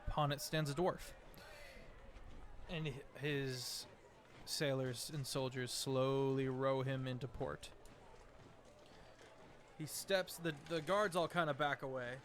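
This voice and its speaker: A man narrating as game master in a tabletop role-play, with halting restarts. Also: mid-range voice, steady tone, a little hiss or hum.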